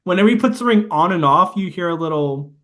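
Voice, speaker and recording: A man's voice: high voice, animated, quick pace, fairly bright tone. A man co-hosting a podcast, recapping a film in casual, rambling chat and imitating its sound effects. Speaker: podcast co-host.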